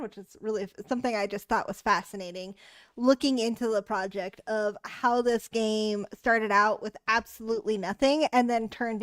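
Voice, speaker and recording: A woman's voice: mid-range voice, no room sound. A young adult woman streamer giving casual, giggly commentary while playing a game.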